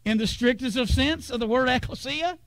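A man preaching a sermon in a church, with a drawl, dramatic pauses and sudden drops to a hush. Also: extremely high pitch, gravelly, dry recording. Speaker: pastor. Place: church sanctuary.

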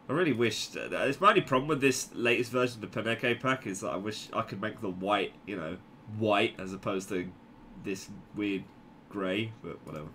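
A young man giving casual, jokey commentary over his gameplay, swinging from low mutters to sudden yelps. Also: expressive, fairly quick, bright, forceful tone, breathy edge.

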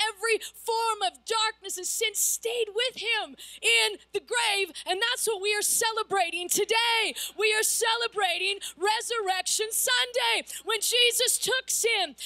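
Woman pastor, earnest emphatic preacher, bright tone. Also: very high-pitched. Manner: earnest, emphatic lists, urging excitement. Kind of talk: sermon.

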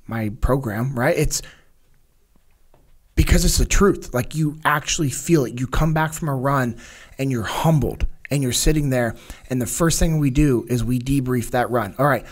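A man who is a guest on a podcast, talking earnestly about a training program he runs and illustrating it with anecdotes. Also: medium pitch. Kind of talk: casual podcast conversation.

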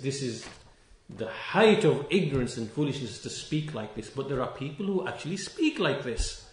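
In a reverberant recording, an Islamic lecturer with a darkish, mid-range voice delivers a stern religious lecture. He scolds critics, repeats important phrases, and draws out words for emphasis.

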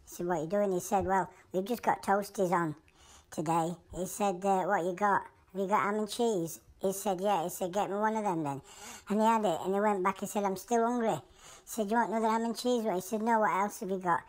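A chirpy little creature with a Yorkshire accent rattles through a long shaggy-dog joke in a squeaky, high voice, as a woman acts it out. The delivery is rambling and matter-of-fact, like a cartoon animal doing stand-up. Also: fairly even intonation, fairly quick, close to an everyday voice. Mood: chatty. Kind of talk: comic animal voice-over.

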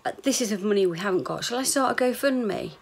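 A woman's voice: mid-range voice, animated, fast talker, breathy edge. A woman, rambling candidly in a chatty video diary, sometimes swearing. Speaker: vlogger.

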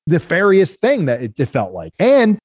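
A man from the United States, a guest entrepreneur telling stories in a casual interview, animated and laughing as he acts out quotes. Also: fairly high pitch, moderate pace, breathy edge, dry recording.

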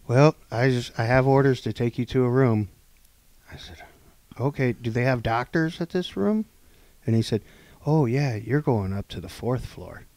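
A man on a podcast telling a long story casually, acting out the people in it and swinging between loud and hushed delivery. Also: mid-range voice, dry recording. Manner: animated, acts out quoted dialogue, swings between loud and hushed. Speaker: podcast co-host.

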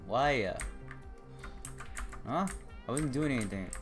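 A man livestreaming in a slow, unhurried way, rambling and joking as he talks straight to his viewers. Soft music plays faintly behind him. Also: mid-range voice, animated. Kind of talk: casual live-stream chat.

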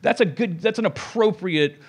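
Male podcast host with a fairly high voice; rambling comic delivery, restarts often, swears, acts out quotes. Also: lively intonation, moderate pace, husky. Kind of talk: rambling comedic podcast talk.

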